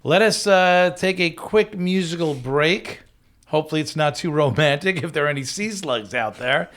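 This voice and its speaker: A man's voice: on the high side, expressive, normal speed, fairly bright tone. A man co-hosting a comedy podcast, making dry, wry quips in casual chat. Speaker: podcast co-host.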